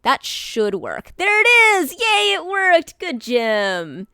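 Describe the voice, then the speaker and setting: A woman streaming live, talking casually to her chat in a rambling way, with many fillers and restarts and bubbly bursts of excitement. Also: very high voice, slow, hardly any pauses, dry recording, studio quality.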